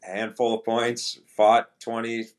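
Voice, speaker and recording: A man's voice: mid-range voice, slow. A man, a pro hockey player as podcast guest, telling a story casually and acting out what teammates said. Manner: relaxed anecdotal, quotes teammates in dialogue; frequent restarts and fillers.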